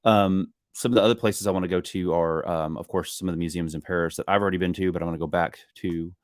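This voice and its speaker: A man's voice: low-pitched, steady tone, quick pace, no room sound, clean studio sound. A man, a musician guest, chatting casually and rambling with many ums and restarts. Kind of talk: casual live-stream chat.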